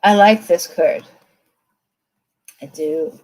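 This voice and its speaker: A woman's voice: deep voice, drawn-out words, darkish tone, poor audio. A woman giving tarot readings on a live stream, chatting straight to her viewers and laughing often. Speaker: tarot reader.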